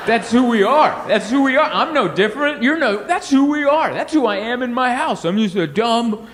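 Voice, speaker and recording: A man doing a stand-up comedy set on a club stage, rambling and animated, acting out voices and sound effects. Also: sits high, brisk, hardly any pauses. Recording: live club sound, reverberant hall, audience noise.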